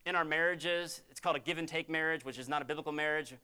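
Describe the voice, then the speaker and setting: A man's voice: fairly high pitch, steady tone, fast talker, bright, forceful tone, clean tone. A man preaching a sermon as a pastor, in a conversational, emphatic storytelling way.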